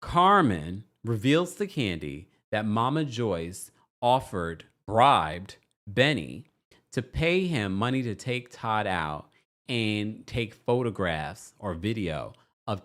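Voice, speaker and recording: A man hosting a casual recap podcast, talking animatedly and acting out what people said. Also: lowish voice. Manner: animated, acts out quotes in voices, laughs often. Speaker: podcast host.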